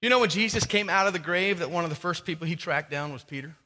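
A man's voice: high-pitched, quick pace, sharp tone, in a large hall. A man preaching a sermon as a pastor, emphatic and often repeating words as he builds.

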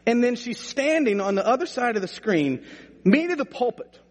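Brief: middle-aged male pastor, high husky voice, humorous folksy sermon delivery. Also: sing-song, normal speed. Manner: folksy, humorous storytelling, rising to preaching emphasis. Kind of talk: sermon with storytelling. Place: church sanctuary. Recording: long reverb of a church hall.

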